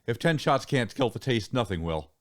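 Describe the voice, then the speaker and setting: A man's voice: medium pitch, big pitch swings, moderate pace. A man hosting a podcast, introducing his co-hosts with crude jokes in a brash, joking way. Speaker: podcast host. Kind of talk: casual podcast banter.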